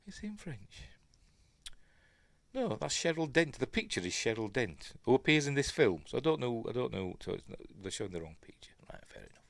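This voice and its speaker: A man's voice: mid-range voice, sing-song, normal speed, creaky, dry recording. A middle-aged man with a Yorkshire accent hosts a casual film breakdown, rambling and muttering asides to himself as he wonders aloud. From Yorkshire, England. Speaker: film review host.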